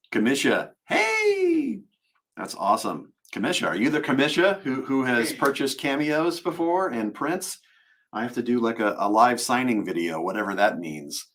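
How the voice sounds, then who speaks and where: A man's voice: fairly low pitch, a bit bright. A man, a voice actor, chatting casually and jokily while signing autographs on a live stream. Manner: jokey, playful, self-mocking. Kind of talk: casual livestream chat.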